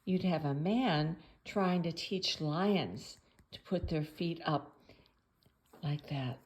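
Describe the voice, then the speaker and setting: At home, a woman with a low-sitting voice reads a picture book aloud for children, chatting playfully and pausing to quiz whoever is listening.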